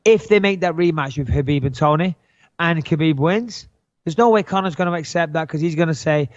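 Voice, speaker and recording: A man's voice: on the high side, a little fast, dry recording, lo-fi sound. A man co-hosting a podcast in casual chat, blunt and joking, swearing freely. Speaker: podcast co-host.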